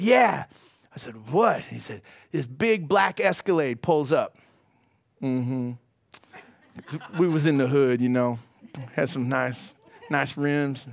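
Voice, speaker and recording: A man pastor preaching a sermon, telling a story in an animated way and laughing often. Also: high voice, creaky, no echo, clean studio sound.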